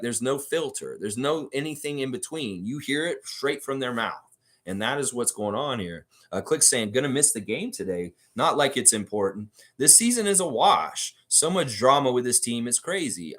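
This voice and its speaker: A man hosts a casual live fan stream and reads viewer comments aloud. His voice swings widely in pitch as he reacts to each one with animated opinions. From Canada.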